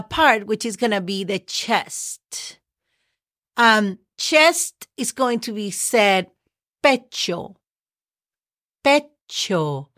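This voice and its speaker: A fairly high-pitched woman teaches on her podcast, chatty and encouraging as she spells words out letter by letter. The sound is dry and close, with no room around her voice. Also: fairly bright tone, no room sound. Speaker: Spanish teacher and podcast host. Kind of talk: relaxed podcast language lesson.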